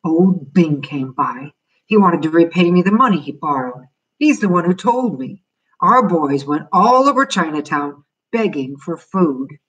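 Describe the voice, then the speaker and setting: A woman voicing a proud, stern father who grumbles at his family in a storybook reading, with a husky voice. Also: fairly low pitch, animated, measured pace, recorded from a distance, highs cut off. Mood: grumbling.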